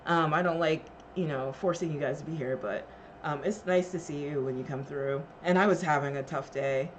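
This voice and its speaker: A woman's voice: deep voice, normal speed, a little hiss or hum. A woman streamer chatting casually with her live chat, emotional and laughing, thanking viewers with lots of fillers.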